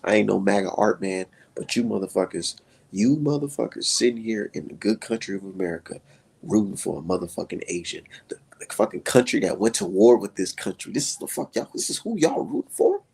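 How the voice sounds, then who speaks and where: A low-pitched man with a gravelly, husky voice rants on his live stream. He swears constantly and his pitch leaps up when he gets worked up, then drops back down into a rough mutter. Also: very animated, fairly quick, darkish tone. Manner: heated, profane, swinging pitch. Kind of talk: profane live-stream rant.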